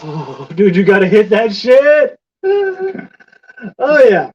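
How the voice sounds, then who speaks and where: A man putting on a rowdy high-voiced stoner. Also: huge pitch swings, slow pace, slightly rough, dull audio, full character voice. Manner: loud, drawling, pushy. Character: rowdy adult male stoner egging on a friend.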